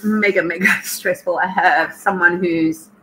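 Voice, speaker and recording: A woman's voice: on the low side, steady tone, measured pace, bright, forceful tone, slight background noise, rough recording. A middle-aged Australian woman hosting a livestream at home, chatting emotionally and greeting her viewers by name. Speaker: livestream host. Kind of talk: casual chat with live viewers.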